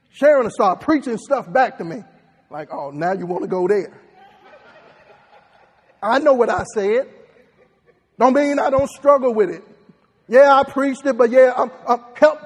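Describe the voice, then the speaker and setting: A man preaching a sermon as pastor, animated and laughing often, leading the congregation in repeating phrases. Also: very high-pitched, unhurried, big-room sound. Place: church.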